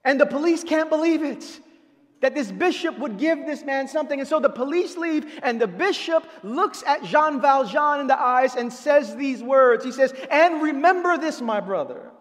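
A man preaching a sermon as a pastor, telling a story with lively quoted voices and explaining scripture to his congregation. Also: extremely high pitch. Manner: animated, dramatic retelling with quoted voices. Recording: long reverb of a large hall.

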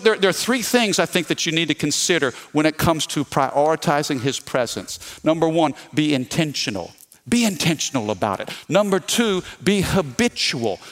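A man, lively and calling for amens. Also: on the high side. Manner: lively preaching with call-and-response. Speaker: pastor. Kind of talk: sermon.

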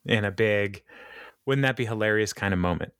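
A man's voice: on the low side, normal speed, a bit bright, smooth, no room sound, studio quality. Playful man on a podcast. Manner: playful, jokey, with mock speeches. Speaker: podcast co-host. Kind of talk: casual chat.

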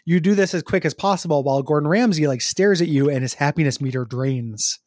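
A man's voice: fairly high pitch, a little fast, darkish tone, no echo, studio quality. A man co-hosting a casual chat, joking crudely and laughing often. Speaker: podcast co-host.

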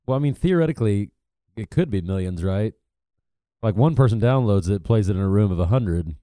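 Low, mellow, teasing podcast co-host. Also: male voice, animated, brisk, dry recording. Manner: dry teasing, laughs often. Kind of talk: casual banter.

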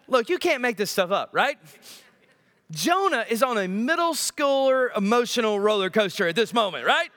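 A male pastor preaching a sermon in an animated, joking way, often asking the congregation questions. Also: very high-pitched, normal speed.

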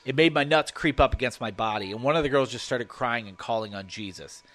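A man narrating a first-person horror story, swearing freely and telling it with animated energy. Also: medium pitch, a little fast.

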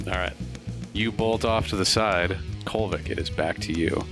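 A man's voice: low voice, moderate pace, music in the background. A man running a tabletop game as game master, narrating combat vividly with playful, crude jokes.

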